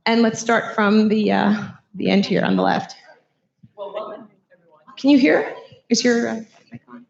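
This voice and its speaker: Hoarse woman moderating a panel. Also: on the high side, measured pace, pauses often. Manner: chatty, informal, many fillers. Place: conference stage. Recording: echoey hall, dull sound.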